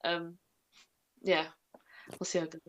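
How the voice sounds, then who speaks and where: A woman's voice: lowish voice, flat delivery, unhurried. A woman musician chatting as a guest in a casual interview, giggly and easygoing, trailing off.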